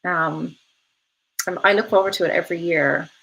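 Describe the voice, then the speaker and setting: A woman in her thirties hosts a live stream and talks through viewer comments in a loose, chatty way. Her voice sits a little low for a woman. She fills her pauses with ums and laughs easily. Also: steady tone, creaky, a bit bright, slightly rough, poor audio. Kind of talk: casual live-stream chat.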